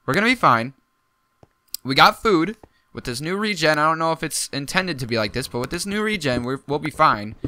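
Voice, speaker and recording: A young man giving casual gameplay commentary, excitable and jumpy, talking to himself as he plays. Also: fairly high pitch, fast talker, few pauses, no echo. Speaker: gaming YouTuber.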